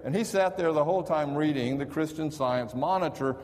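A man's voice: a little high, a little fast, hardly any pauses, darkish tone. Man preaching in an echoing hall. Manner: storytelling, conversational with restarts. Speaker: pastor. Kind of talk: sermon. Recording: reverberant hall.

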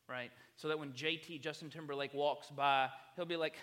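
Bright-voiced preacher, chatty. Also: male voice, fairly high pitch, fairly quick, hardly any pauses, in a large hall. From South Carolina, US. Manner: chatty, humorous storytelling. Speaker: campus minister. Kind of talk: sermon.

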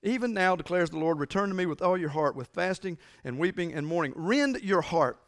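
A pastor preaches a sermon in a high-pitched, animated, brisk voice. He is emphatic and repetitive, swinging between loud declarations and hushed lines.

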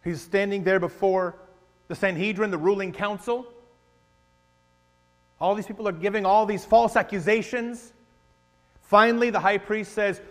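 High-voiced man preaching in a reverberant hall. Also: moderate pace, long pauses. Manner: animated preaching, swinging between loud emphasis and hushed asides. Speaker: pastor. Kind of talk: sermon. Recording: long echo of a large hall, faint mains hum.

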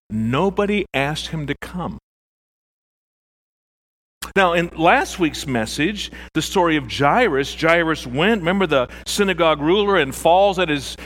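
A man preaching a sermon as pastor, animated, acting out the voices in his stories. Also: fairly high pitch.

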